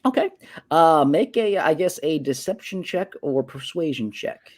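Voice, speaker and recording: A man narrating as game master in an online tabletop game, halting with many fillers and restarts. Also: a little high, lively intonation. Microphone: online voice call.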